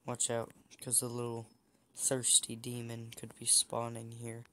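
A young man talks through his game in a loose, chatty way, teasing rivals and tripping over his own words. His voice sits at an ordinary pitch for a man. A faint noise runs under the recording. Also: monotone, unhurried, bright, forceful tone. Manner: chatty, teasing opponents, frequent restarts. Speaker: gameplay streamer. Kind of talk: casual gameplay commentary.

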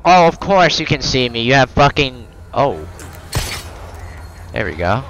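A man's voice: medium pitch, big pitch swings, measured pace, a bit bright, highs cut off. A man commentating his horror game playthrough, swearing and joking at the screen, yelping when something jumps out. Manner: profane, jokey, reactive, yelps when startled. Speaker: gamer.

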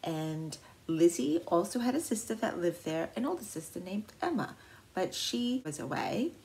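Playful, slangy woman with a lowish voice. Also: very animated, normal speed, a little mellow. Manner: playful, slangy, with dramatic asides. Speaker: art history vlogger. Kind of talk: casual storytelling about art and history.

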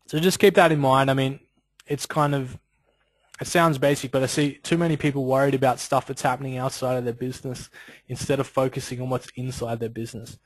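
A man's voice: mid-range voice, flat delivery, a little fast, no room sound, poor audio. A man presenting an instructional webinar in a loose, conversational way, full of casual asides. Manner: conversational, loose, peppered with "you know" and "like".

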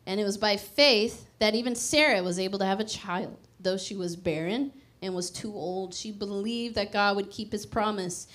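A woman's voice: mid-range voice, moderate pace, hardly any pauses, fairly bright tone. A young adult woman preaching a sermon in a casual, conversational way, often laughing and stressing words playfully. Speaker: pastor.

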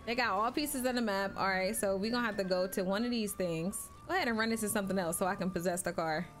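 A woman streaming live gameplay, with loud, excitable banter full of swearing. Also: mid-range voice, fast talker, faint music behind.

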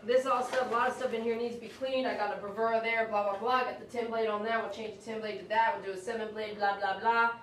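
A woman's voice: fairly even intonation, quick pace, hardly any pauses, a bit bright. A woman chatting emotionally with viewers during a live stream while she grooms a dog in her shop. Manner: emotional, chatty, talks to dogs in a high coaxing voice. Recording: echoey room, mic at a distance, faint noise.

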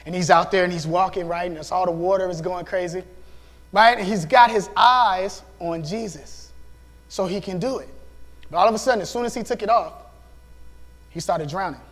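Animated high-voiced male youth pastor. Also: normal speed. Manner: animated, acts out voices, laughs often. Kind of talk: storytelling sermon. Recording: hall reverb.

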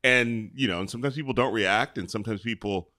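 A man talking as a podcast guest, an animated storyteller who acts out other people's lines. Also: lowish voice, fast talker. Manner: animated storyteller acting out quotes. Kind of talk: casual podcast chat.

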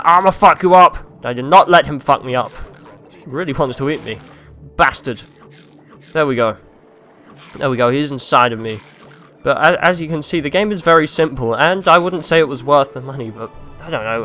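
A young man commentating a video game he is playing, rambling and crude, mocking himself and breaking into silly yells. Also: medium pitch. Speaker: let's play host.

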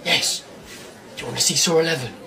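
A man doing a hushed, shady janitor. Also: a little high, a little fast, some chatter behind. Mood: secretive. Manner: hushed, conspiratorial. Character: shady, low-voiced male janitor, secretive.

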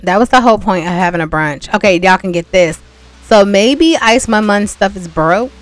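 A young woman chats her way through a gameplay session, speaking straight to her audience in an easy, mid-pitched voice. She slips into exasperated asides when things go wrong. Faint game music plays beneath her. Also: expressive, moderate pace. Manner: chatty, talks straight to viewers, exasperated asides. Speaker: gameplay vlogger. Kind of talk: casual gameplay commentary.

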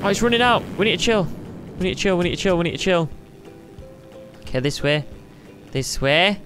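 A woman casually commentating while she plays a flying game, excitable and playful, talking to herself and her viewers. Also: on the low side, a little fast. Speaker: gaming YouTuber. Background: game music.

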